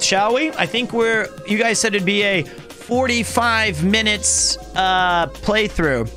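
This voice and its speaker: A man in his thirties with a high, bright, sharp voice chats loosely on a live stream. He rambles through self-mocking tales and cracks jokes. Soft music plays behind him. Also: animated, slow pace, hardly any pauses. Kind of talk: casual chat with live chat.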